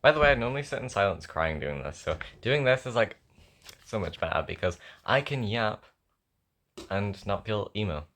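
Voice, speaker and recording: A young man with a low voice and a sore throat talks to himself while he writes a song at home. He rambles, thinks aloud and mocks himself. A faint hiss sits under the recording. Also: lively intonation, moderate pace, a bit bright. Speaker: songwriter. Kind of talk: casual chat while writing a song.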